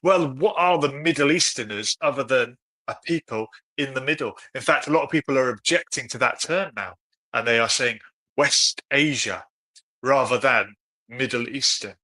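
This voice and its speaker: This is a man co-hosting a casual live stream. His voice is bright and forward. He talks easily, reads viewer comments aloud and turns them into questions for his guest. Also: mid-range voice, normal speed. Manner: chatty, reads out viewer comments, asks follow-ups. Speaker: co-host of a live discussion stream.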